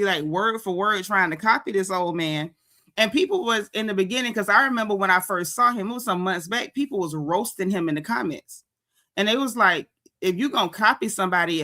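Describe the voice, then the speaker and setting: A sassy woman hosts a gossip commentary stream in an African American English accent, animated and indignant as she talks. Her voice is bright and forceful, at a middle pitch for a woman. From United States. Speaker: gossip show host. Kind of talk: casual commentary livestream.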